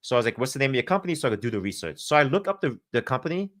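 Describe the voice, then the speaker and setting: A man's voice: medium pitch, big pitch swings, very fast, fairly bright tone. A man telling a long, rambling story on a casual podcast, full of swearing and fillers. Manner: profane, rambling, many fillers. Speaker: podcast guest.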